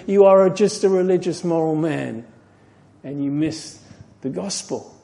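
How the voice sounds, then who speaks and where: A man teaching an expository Bible study, earnest, rising when he stresses a point and falling soft at its close. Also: on the high side, measured pace, gravelly. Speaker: pastor.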